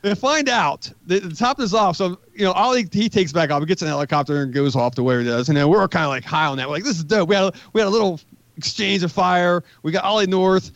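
A man's voice: sits high, quick pace, fairly bright tone, no echo, dull audio. A man in his forties, a podcast guest, telling a rambling, profane war story in casual talk. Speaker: podcast guest, magazine editor.

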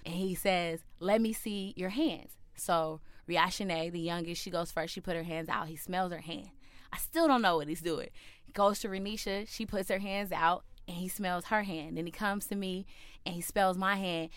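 A woman's voice: on the low side, normal speed, clear, resonant tone, dry recording. A woman telling a personal story to an audience, acting out the voices of the people in it. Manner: animated, acts out quoted voices.

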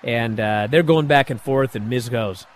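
A man casually recapping a wrestling show, animated and sarcastic, acting out quotes with sudden bursts. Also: mid-range voice, normal speed.

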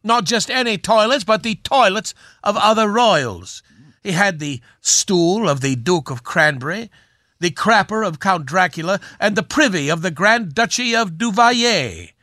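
A man's voice: sits high, lively intonation, bright, forceful tone, no echo, clean studio sound, heavily acted. A man playing a pompous, aging, knighted film swashbuckler as a guest on a radio comedy bit, with a grand, theatrical manner. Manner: grand, theatrical, drawn-out delivery.

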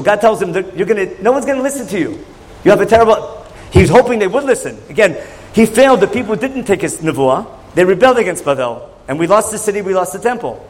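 A man teaching a Torah class with a notably high voice. He talks conversationally, throwing questions back at his listeners as he goes. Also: rough recording. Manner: questioning, conversational, asks the audience.

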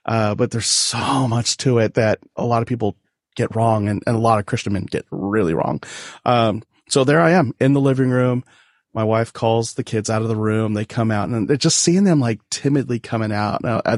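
A man's voice: mid-range voice, dry recording, clean studio sound. A man in his forties, a podcast guest, telling a personal family story in a candid, self-deprecating way with frequent laughs.

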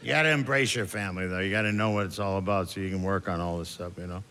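With a low voice and a quick pace, a middle-aged comic works through a self-deprecating set for a live comedy club audience. He is chatty and loose and breaks into shouted character voices. Audience noise comes through in the live recording.

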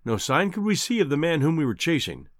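Guy narrating an audiobook, expressive, lively pitch, dry close sound. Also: no echo. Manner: measured, expressive storytelling.

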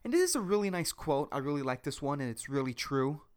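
A man hosting a solo comedy podcast, rambling and self-mocking, crude, with a high squeaky voice. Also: very animated, quick pace. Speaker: podcast host.

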